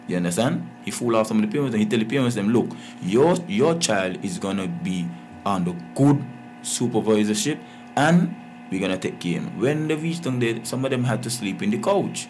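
A man's voice: fairly low pitch, a little mellow. A man, a guest on a talk show, complaining emphatically, repeating himself and stammering. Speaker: call-in guest. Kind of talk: heated complaint.

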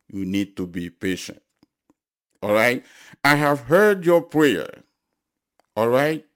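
A man preaching a sermon, repeating his phrases and building to loud, emphatic appeals to the congregation. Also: mid-range voice.

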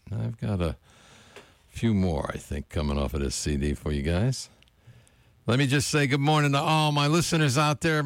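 A man's voice: medium pitch, no echo. A man hosting a live morning radio show from a college station, casually greeting his listeners between tracks. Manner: relaxed, friendly shout-outs to listeners. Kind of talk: laid-back radio show chat. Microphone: studio mic, close.

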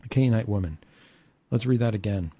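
A man's voice: on the low side, fairly quick, mellow, breathy edge, dry recording. A man preaching a sermon who acts out the quoted lines of the people in the story and asks the listeners questions.

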